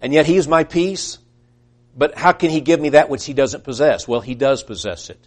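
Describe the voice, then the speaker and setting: Male preacher, slightly high voice, earnest sermon delivery, acts out the voices he quotes. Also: normal speed. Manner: earnest, rising to emphatic peaks, trailing off quietly.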